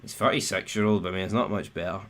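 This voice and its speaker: Low-voiced and rapid-fire, this young Scottish football live-streamer keeps a steady, slightly bright tone through an angry rant. He swears, restarts his sentences clumsily, and his voice leaps up sharply when something annoys him.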